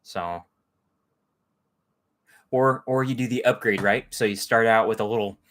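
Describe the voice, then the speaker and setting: A man's voice: lowish voice, measured pace, fairly bright tone. A man hosting a casual livestream, chatting with viewers in a rambling way and greeting them by name. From Texas. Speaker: livestream host. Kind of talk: casual live chat with viewers.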